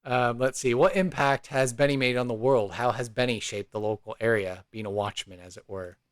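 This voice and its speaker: A man's voice: mid-range voice, fairly quick, no echo. A man hosting a tabletop podcast, asking questions in an easygoing, conversational way. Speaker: podcast host and game master. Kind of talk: casual interview and ad read.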